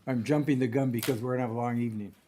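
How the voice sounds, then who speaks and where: A man's voice: medium pitch, fairly even intonation, dark tone, a little hiss or hum. A man chairing a regional council meeting, speaking with frequent ums and restarts in a council chamber. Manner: halting, many ums and restarts.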